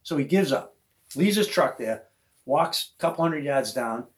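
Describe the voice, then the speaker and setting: A man's voice: medium pitch, normal speed. A man hosting a podcast, telling a hunting story in casual chat and acting out the other people's voices. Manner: animated storyteller who acts out voices of others. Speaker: podcast host.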